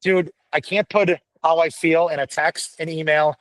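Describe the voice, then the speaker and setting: A middle-aged man with a gruff voice, pitched a little high, talks bluntly and profanely in an animated, casual chat. He sounds close and dry, with no room around him. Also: moderate pace, no echo, poor audio. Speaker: podcast guest, firefighter paramedic.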